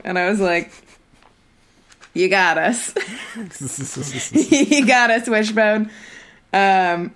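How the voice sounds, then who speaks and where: A woman's voice: medium pitch, a bit bright, smooth. A young woman co-hosting a podcast in casual chat, rambling along with lots of fillers and restarts. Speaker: podcast co-host.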